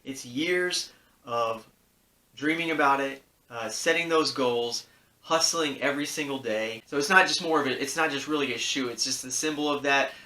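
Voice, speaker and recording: A man's voice: medium pitch, normal speed, pushed and bright, roomy sound, distant mic. A man in his thirties telling a personal story on his sneaker vlog in a casual, rambling, earnest way, full of fillers and restarts, encouraging his viewers. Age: 30s. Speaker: sneaker YouTuber.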